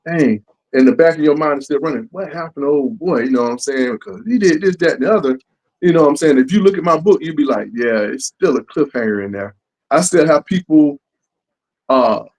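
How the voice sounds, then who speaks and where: A man talks about making his comics in a loose, casual interview. He keeps acting out what his fans say to him, lifting and dropping his voice as he does. His voice sits at a middle pitch. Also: low-quality recording. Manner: animated, acts out fans' lines. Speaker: comic book creator.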